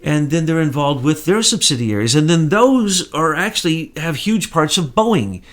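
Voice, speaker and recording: A man's voice: a little high, expressive, moderate pace. A man hosting an online commentary show, talking casually and emphatically to viewers with rambling asides.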